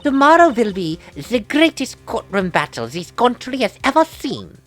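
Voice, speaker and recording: A woman's voice: fairly high pitch, sing-song, moderate pace, pitched above the performer's own voice. A woman voicing a haughty, scornful young female prosecutor from a courtroom video game, with faint game music behind. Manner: imperious, cutting.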